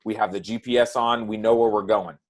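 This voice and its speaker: A man's voice: lowish voice, a little fast. A man who works as a nutrition coach, talking casually on a podcast and often adding "right?" and "like". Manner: relaxed, says "right?" and "like" often.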